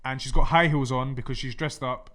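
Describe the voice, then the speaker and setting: A man's voice: mid-range voice, fairly even intonation, fairly quick, a bit bright. A young man co-hosting a casual podcast, full of crude banter and trailing ums. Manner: banter-heavy, crude jokes, lots of ums. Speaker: podcast co-host. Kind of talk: casual chat.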